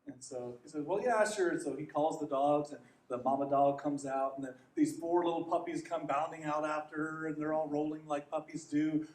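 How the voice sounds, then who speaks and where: A man's voice: medium pitch, darkish tone. A man preaching a sermon as pastor, asking earnest rhetorical questions and telling a story. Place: church. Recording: echoey hall, distant mic, faint noise.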